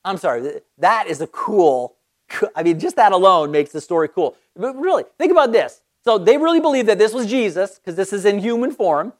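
Lively, enthusiastic Bible teacher. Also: mid-range voice, fairly quick. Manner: enthusiastic, conversational, with frequent restarts. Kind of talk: casual Bible study teaching.

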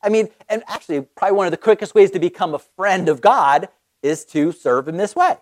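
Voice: mid-range voice, expressive, a little fast. A Bible teacher giving a casual, enthusiastic study, reading scripture and talking it through conversationally with frequent restarts.

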